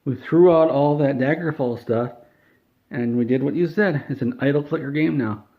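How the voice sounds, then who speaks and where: A man voicing a gloomy middle-aged male game studio boss who mumbles and whines, swinging between glum and excited. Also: mid-range voice, moderate pace, voice pushed up, close to an everyday voice. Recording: tinny phone-like sound.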